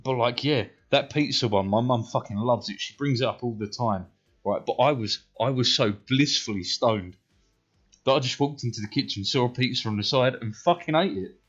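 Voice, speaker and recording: A man's voice: medium pitch, normal speed, fairly bright tone. A British man in his thirties, a streamer rambling through profane personal stories and checking in with "right?" all the time. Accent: British English. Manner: rambling, heavily profane, says "right?" a lot. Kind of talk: casual storytelling while gaming. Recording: dull stream audio, faint music.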